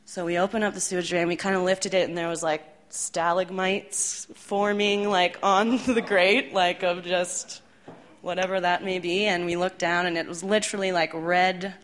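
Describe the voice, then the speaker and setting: Chatty low-voiced woman telling a story. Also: steady tone, normal speed, a bit bright. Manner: chatty, laughing, full of fillers. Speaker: storyteller at a live show. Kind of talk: live storytelling. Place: live venue stage.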